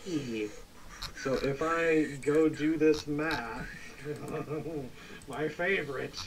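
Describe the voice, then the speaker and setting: A man running a laid-back tabletop game stream, talking in a slightly high voice. He chats casually, thinks aloud over the numbers and reads viewers' messages. A faint hiss sits under the voice. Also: extremely slow, rough recording. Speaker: game master. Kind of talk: casual livestream chat.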